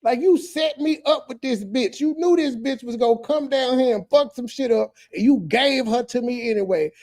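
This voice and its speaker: A man's voice: very high-pitched, moderate pace, a little mellow. A male streamer reacting to clips and ranting profanely at a viewer in chat, heated and preachy, drawing out words for emphasis. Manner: heated, preachy, addresses a chatter directly. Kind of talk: profane casual rant.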